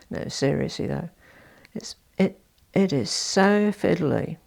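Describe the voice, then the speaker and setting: A low, gravelly woman chats to her viewers in a relaxed vlog. She talks in a chatty, self-deprecating way, full of little asides and restarts. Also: a little slow. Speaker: fashion vlogger. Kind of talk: casual chat to camera.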